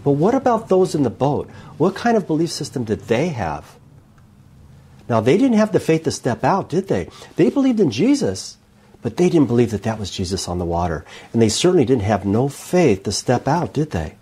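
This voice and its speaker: A male preacher delivering a sermon with rhetorical questions and emphatic, expressive delivery. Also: medium pitch, normal speed, slightly rough.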